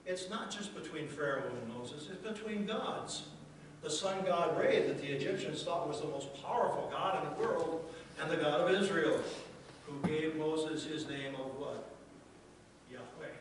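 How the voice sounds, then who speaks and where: A man's voice: a little high, moderate pace. A male pastor delivering a sermon, asking the congregation rhetorical questions and acting out quoted lines. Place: church sanctuary. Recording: echoey church from a distance with noise.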